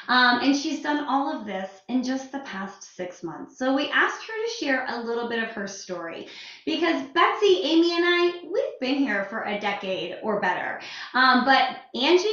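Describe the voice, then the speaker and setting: A woman's voice: fairly high pitch, a bit bright. A bubbly woman hosting an upbeat sales event and introducing a guest, with lots of fillers. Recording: distant echoey muffled audio.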